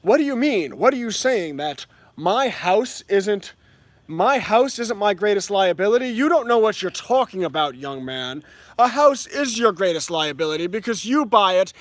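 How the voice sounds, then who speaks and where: Man playing condescending older British homeowner; patronizing lecture, high pitch, dry sound. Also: fairly bright tone, dry recording. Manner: mocking, patronizing.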